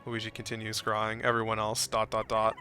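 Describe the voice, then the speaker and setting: A man's voice: on the low side, monotone, brisk, sharp tone, smooth, faint music behind. A man casually narrating a video game playthrough for listeners, describing each scene in a playful, chatty way. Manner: playful and chatty, with frequent laughs. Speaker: streamer narrating gameplay.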